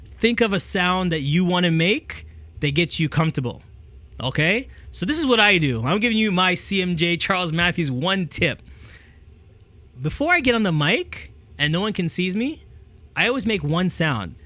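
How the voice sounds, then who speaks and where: The recording has no room sound, and the man's high voice moves at a normal speed. He hosts a talk full of casual speaking tips, delivered into a handheld microphone in a casual coaching talk to camera. Energetic, he often checks in with "okay?" and demonstrates by shifting the mic near and away.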